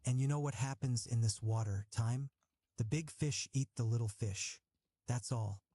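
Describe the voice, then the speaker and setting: A sardonic young Italian man lectures with grand, mocking scorn in this audiobook scene, as a male reader puts him on. The tone stays mellow and soft-edged. It is recorded dry, with no room sound. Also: mid-range voice, moderate pace, dry recording, natural voice. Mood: philosophical. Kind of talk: audiobook reading.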